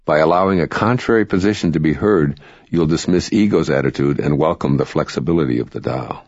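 A man reading spiritual self-help narration in a calm, measured, instructive way. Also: very deep voice, creaky, breathy edge, no room sound. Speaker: audiobook narrator. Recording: dry, dull lo-fi recording.

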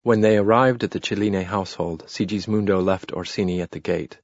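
A man narrating a novel in a measured, steady reading. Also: deep voice, no room sound, highs cut off. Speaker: audiobook narrator. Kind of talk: scripted narration.

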